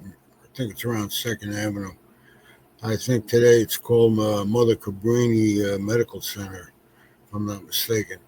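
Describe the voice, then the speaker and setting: A man in his eighties from New York, answering interview questions slowly with many pauses and fillers. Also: fairly low pitch, darkish tone. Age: 80s. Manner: slow, halting, many fillers. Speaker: guest, author.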